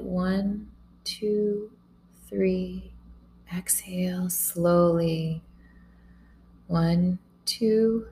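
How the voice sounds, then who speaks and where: A woman guiding a yoga and breathing session, calm and soft, counting breaths aloud. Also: lowish voice, creaky, slight background noise, rough recording. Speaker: yoga instructor. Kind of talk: guided yoga and breathing instruction.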